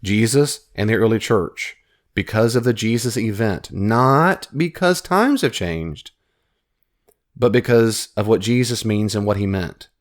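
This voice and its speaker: Male podcast host, lively up-and-down delivery, argumentative, restarts his sentences. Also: fairly low pitch, measured pace. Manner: animated, self-correcting, argumentative. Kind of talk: casual commentary.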